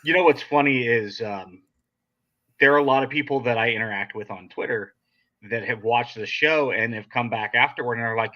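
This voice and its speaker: A man's voice: medium pitch, brisk, bright, forceful tone. A man hosting a casual podcast chat, talking in a blunt, direct, sarcastic way. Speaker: podcast host. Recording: dull lo-fi sound.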